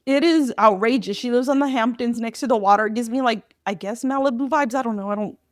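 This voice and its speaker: A woman's voice: on the high side, fast talker, no room sound, clean studio sound. A woman co-hosting a casual podcast, chatting loosely with many restarts and laughs. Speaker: podcast co-host.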